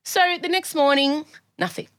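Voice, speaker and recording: An Australian woman co-hosting a podcast, telling a story in a lively way and acting out both sides of the conversation. She has a cold. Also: high voice, moderate pace. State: sick with a cold. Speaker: podcast co-host. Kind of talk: casual chat.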